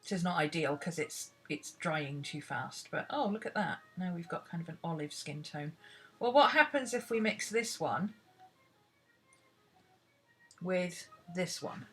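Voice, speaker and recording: A British woman with a bright, crisp voice leads a relaxed painting lesson. She chats and rambles, musing aloud as she works, with soft music underneath. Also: fairly low pitch, a little slow. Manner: chatty, rambling, talks to herself while searching. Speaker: art teacher. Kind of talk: casual painting tutorial.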